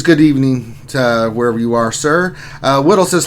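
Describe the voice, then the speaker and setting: A man's voice: mid-range voice, lively intonation, normal speed, slight background noise. A man hosting a casual gaming livestream, rambling and joking as he reads chat messages aloud. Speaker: streaming host.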